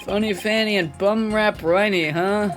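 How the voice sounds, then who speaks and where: A woman's voice: medium pitch, unhurried, over music, natural voice. Woman reading as a wry male lawyer. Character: wry male defense attorney.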